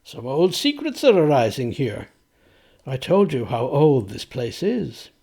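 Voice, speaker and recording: A man's voice: medium pitch, very animated, unhurried, dark tone. A man reading aloud, voicing a frank, wry older clergyman of the 1700s who speaks in a knowing, confiding way.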